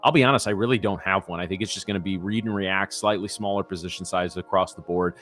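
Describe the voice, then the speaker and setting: Fast-talking low-voiced male host. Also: steady tone, a bit bright, faint music behind. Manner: rapid, rambling, lots of restarts and fillers. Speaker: host of a live trading show. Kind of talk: casual chat and market talk.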